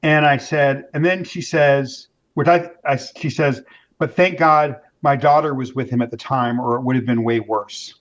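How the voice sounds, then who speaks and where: Male interview guest, animated storyteller, mid pitch, muffled lo-fi audio. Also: normal speed. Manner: animated storyteller, acts out quoted voices, many restarts. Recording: dull lo-fi sound.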